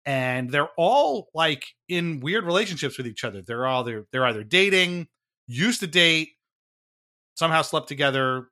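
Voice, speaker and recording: A man's voice: fairly high pitch, bright, forceful tone. A man co-hosting a podcast, explaining a reality show to his friend in a chatty, wry way, laughing at himself and often restarting his sentences. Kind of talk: casual podcast chat.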